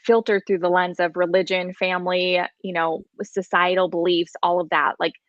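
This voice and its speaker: A woman guest on a live podcast, speaking calmly and reflectively, like a coach. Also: on the low side, moderate pace, no echo, highs cut off.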